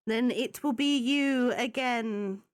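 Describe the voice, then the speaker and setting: A woman narrates and runs a tabletop game session in a loose, chatty way. Her speech is full of fillers and restarts, and she sits a little above the usual pitch. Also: takes it slowly, smooth. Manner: chatty, loose, often laughing, filler-heavy. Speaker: game master.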